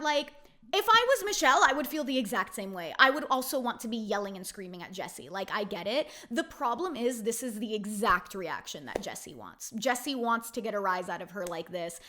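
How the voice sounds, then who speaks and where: A young woman with a bright, high voice that swoops all over as she gives her blunt take on reality TV drama. She swears freely and fills her talk with "like," keeping it casual and unscripted. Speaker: reality TV recap host. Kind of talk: casual opinionated recap.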